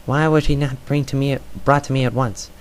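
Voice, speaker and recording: A man's voice: mid-range voice, fairly even intonation, a little fast, close to an everyday voice. A man voicing a stern noble father who speaks in a firm, demanding way in a storybook reading.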